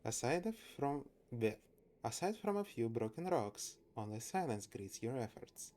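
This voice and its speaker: Slow-talking Russian-accented male streamer, casual and fumbling. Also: mid-range voice, big pitch swings, darkish tone. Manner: halting, searching for words, laughing and swearing. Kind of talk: casual live game commentary.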